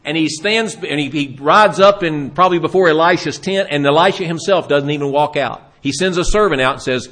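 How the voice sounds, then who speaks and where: A man's voice: on the high side, quick pace, fairly bright tone. A man preaching a sermon, retelling Bible stories and briefly voicing the people in them. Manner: dramatic retelling of scripture, acting out voices.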